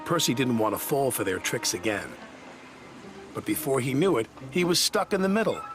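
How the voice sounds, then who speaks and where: Expressive male storybook narrator. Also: mid-range voice, normal speed. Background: music.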